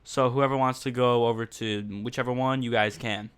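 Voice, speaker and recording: A man's voice: medium pitch, steady tone, brisk, fairly bright tone, clean tone. A man hosting a podcast livestream, rambling casually in a blunt, mocking way and talking straight to his chat. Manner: blunt and mocking, with frequent fillers.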